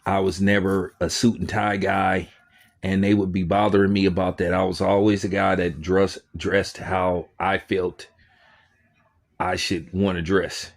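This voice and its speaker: Man with a low voice telling a casual story. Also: measured pace. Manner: conversational, animated storytelling with quoted asides. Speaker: commentary show host. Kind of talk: casual spoken commentary.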